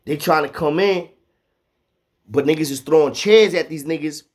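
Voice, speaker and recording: A man telling a profane, animated street story, acting out the quotes. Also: a little high, moderate pace.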